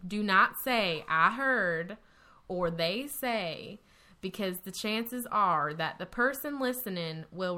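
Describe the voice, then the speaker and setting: A woman reading an old newspaper notice aloud in a Texan accent, slow and drawling. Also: mid-range voice, pushed and bright.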